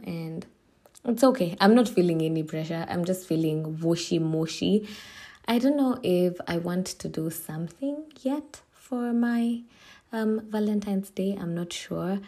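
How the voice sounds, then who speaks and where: Mellow, unhurried woman podcasting. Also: on the low side. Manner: chatty, emotional, laughs easily. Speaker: podcast host. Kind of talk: casual solo podcast talk.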